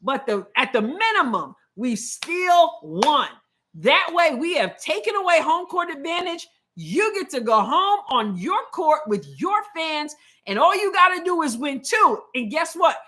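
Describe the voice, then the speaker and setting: Very animated, with a high voice that sounds pushed and bright, a woman hosts a live basketball watch-along stream. Casual and opinionated, she alternates quick play-by-play remarks with reading out comments from viewers.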